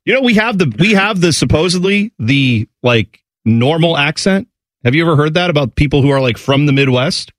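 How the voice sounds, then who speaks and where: A man's voice: fairly high pitch, animated, brisk, fairly bright tone, no room sound. A man co-hosting a casual podcast chat in a plain American accent, talking in a loose, rambling way and slipping into mocking quoted voices. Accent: General American. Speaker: podcast co-host.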